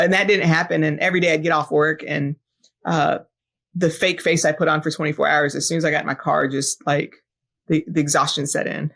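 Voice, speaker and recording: Her voice sits low and carries vocal fry as she, a fire battalion chief, shares a personal story on a podcast. She comes across as earnest and reflective, filling pauses with frequent ums and uhs.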